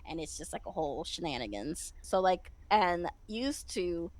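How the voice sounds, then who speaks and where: A woman chatting as an interview guest, excitable and rambling, with frequent laughs and restarts. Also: fairly low pitch, moderate pace, no room sound, poor audio. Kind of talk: casual chat.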